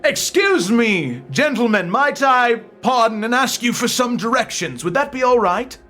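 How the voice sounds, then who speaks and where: A man's voice: extremely high pitch, lively intonation, unhurried, bright, forceful tone, soft background music, pitched above the performer's own voice, full character voice. A man voicing an old wandering male bard who stammers politely, then turns coldly threatening. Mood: politely pleading.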